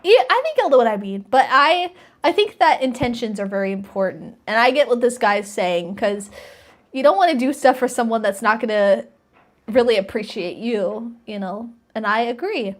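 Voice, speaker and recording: Woman streamer, higher-pitched, chatty reaction commentary, reads messages aloud and muses. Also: animated, moderate pace.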